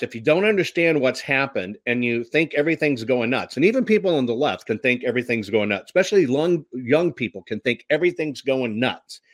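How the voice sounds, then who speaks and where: A man's voice: medium pitch, dry recording. Rambling male host, dry close mic. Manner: rambling, many fillers and restarts. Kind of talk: casual spoken history talk.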